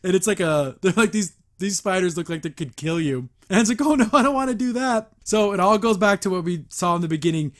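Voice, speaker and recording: A man hosting a casual episode review, chatty and quick to laugh, with lots of filler words. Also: high-pitched, a bit bright. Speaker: host.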